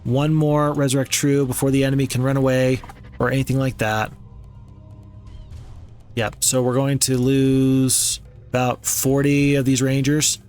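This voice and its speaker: A relaxed man talks through a turn-based strategy game in a mid-range voice, rambling and amused at himself. Faint music plays behind him. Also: mid-range voice, a little slow. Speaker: gaming channel host. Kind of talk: let's play commentary.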